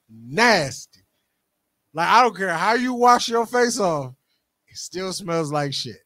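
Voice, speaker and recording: A man's voice: sits high, lively intonation, slow pace, bright, forceful tone, no room sound. A man co-hosting a comedy podcast, riffing bluntly with profane jokes. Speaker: podcast co-host. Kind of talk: crude comedic podcast chat.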